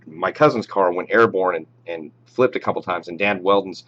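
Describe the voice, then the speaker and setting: A man hosting a live show, chatting casually and reading out viewer shout-outs. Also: low-pitched, moderate pace, muffled recording. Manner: reads viewer names and approves shout-outs, chatty with fillers. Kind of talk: casual live stream chat.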